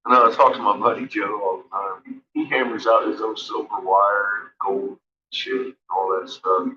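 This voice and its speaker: A man's voice: fairly low pitch, steady tone, moderate pace, a crowd in the background. Foul-mouthed man rambling on a dull stream. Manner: heavy swearing, laughs between remarks. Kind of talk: rambling casual storytelling.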